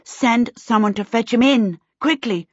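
A woman voicing an impatient, sharp-tongued teenage girl in a storybook reading, in a dull lo-fi recording. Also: medium pitch, moderate pace, breathy edge, no room sound, lightly acted. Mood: urgent. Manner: urgent and sharp.

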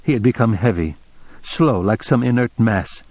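A man narrating an audiobook in a measured, deliberate reading style. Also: on the low side, darkish tone, no echo. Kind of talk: scripted narration.

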